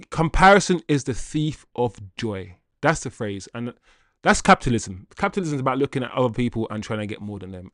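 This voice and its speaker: A man's voice: mid-range voice, no echo, clean studio sound. A man hosting a live fan stream, talking straight to his chat in an exasperated way and reading out viewer comments. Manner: reads viewer comments aloud. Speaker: livestream host.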